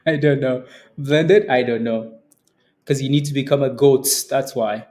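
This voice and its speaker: In a mellow, mid-range voice that moves a little slowly, the young adult host of a live stock trading stream reads his chat aloud. His manner is casual and teasing, with frequent laughter and repeated phrases.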